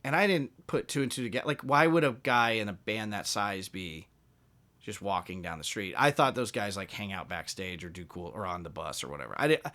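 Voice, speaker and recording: Here a male musician, guesting on a podcast, spins casual stories in a lowish voice at a brisk clip. He's animated and voices the characters, acting out whatever dialogue he quotes.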